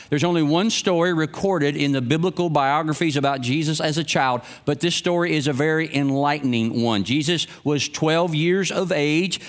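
A man's voice: fairly high pitch, normal speed, few pauses. A middle-aged male pastor giving a sermon and telling stories in a conversational way. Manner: storytelling, conversational preaching.

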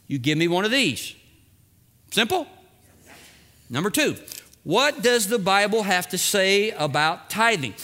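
A man's voice: very high voice, sharp tone. A middle-aged man preaching a sermon as pastor, emphatic and repeating phrases for effect, acting out small dialogues.

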